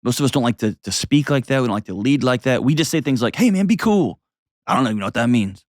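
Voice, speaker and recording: A man's voice: medium pitch, racing, no echo, clean studio sound. Blunt, emphatic male advice host. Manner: blunt, emphatic, repeats short commands. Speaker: show host. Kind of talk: opinionated advice commentary.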